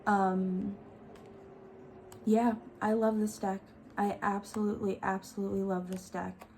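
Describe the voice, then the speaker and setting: A young woman hosts her tarot vlog in a relaxed, unhurried way. Her voice is mellow and soft-edged, and she gushes with open enthusiasm, at medium pitch. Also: a little hiss or hum, low-quality recording. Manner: gushing, enthusiastic. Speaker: tarot vlogger. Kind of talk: casual chat.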